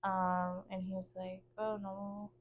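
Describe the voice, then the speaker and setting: A young woman, co-hosting a casual podcast chat and telling stories in an animated, giggly way with quoted dialogue. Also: mid-range voice, slow pace, dull audio, slight background noise. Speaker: podcast co-host.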